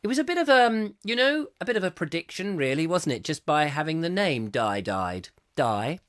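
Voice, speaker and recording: A chatty man hosts a comic live show, reading out viewers' comments and riffing on them. His voice sits a touch high and swoops about with lively comic emphasis. It is recorded close up in a dry, dead room. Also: normal speed, few pauses, no room sound. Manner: jokey, chatty, pitch swoops for comic effect. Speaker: host of a comic chat show.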